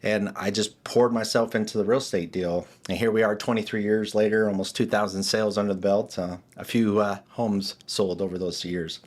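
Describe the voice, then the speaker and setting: A middle-aged man with a lowish voice tells his story as an interview guest. He is animated and vivid, acting out the people he quotes. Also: brisk, hardly any pauses. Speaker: guest, real estate agent.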